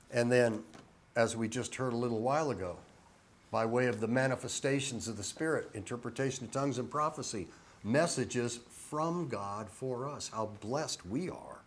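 Man preaching with soft-to-loud swings. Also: mid-range voice, slight background noise. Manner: conversational preaching, swings between soft asides and loud emphatic lines. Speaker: pastor. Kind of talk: sermon with scripture reading.

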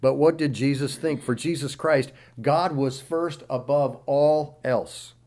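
A man's voice: steady tone, slow pace. Man preaching a Bible sermon. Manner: rises loud and high reading scripture, drops quiet and low explaining. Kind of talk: sermon, reading and explaining scripture.

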